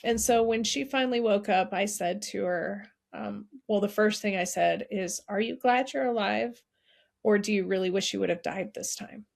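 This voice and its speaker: A middle-aged woman speaks as a podcast guest, recounting a hard family story. She is earnest and heartfelt and often restarts her sentences. Her voice sits in an ordinary middle pitch. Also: moderate pace, gravelly. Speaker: podcast guest, nonprofit founder. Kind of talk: emotional personal storytelling.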